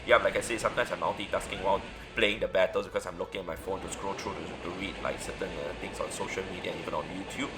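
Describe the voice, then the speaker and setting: A young man giving casual commentary over his own gameplay, relaxed and thinking aloud with fillers. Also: deep voice, fast talker, hardly any pauses, music in the background. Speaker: gaming YouTuber.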